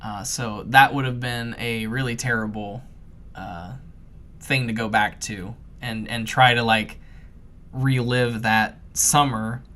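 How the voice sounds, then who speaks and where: A man with a bright, forward voice talks through a personal story on a podcast. His phrasing is loose and rambling, with plenty of fillers and restarts, and he turns animated and laughing when he acts out his own moments of panic. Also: medium pitch, slow pace. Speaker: podcast co-host. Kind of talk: casual storytelling chat.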